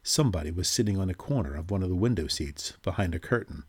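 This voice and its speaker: Low, husky male storyteller. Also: animated, fast talker. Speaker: narrator. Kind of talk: scripted narration of a ghost story.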